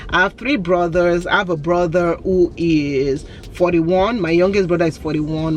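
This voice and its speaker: A woman, answering viewer questions in a chatty, candid vlog and laughing often. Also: on the low side. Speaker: vlogger. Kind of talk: casual Q&A vlog.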